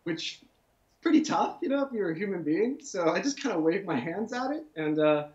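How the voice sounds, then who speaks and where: Author guy musing out loud, kinda high voice, dull lo-fi sound. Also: expressive, a little fast. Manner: thoughtful, with fillers and restarts. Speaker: author guest. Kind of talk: casual interview answer.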